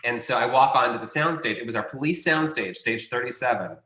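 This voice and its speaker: A man's voice: medium pitch, a little fast, pushed and bright, reverberant. A man, a casting director guest, telling a long anecdote in a rambling, self-correcting way.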